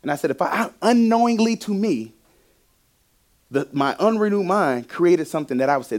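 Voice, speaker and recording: A young man delivers a sermon built around his personal testimony, speaking at a normal speed in a high-sitting voice. He's animated, laughs often, and swings between loud and hushed.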